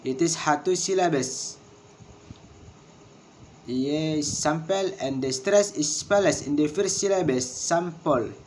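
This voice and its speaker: Male presenter, slightly high voice, reads lesson notes at a very slow, careful pace. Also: darkish tone, slight background noise. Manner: slow, careful reading with word drills. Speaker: English pronunciation presenter. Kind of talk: reading lesson notes aloud.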